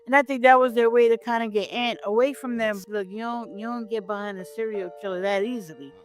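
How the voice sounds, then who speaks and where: A woman's voice: a little high, fairly even intonation, fairly quick, faint music behind. A woman casually recapping a horror movie with a co-host, blunt, wry and profane. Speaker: podcast co-host.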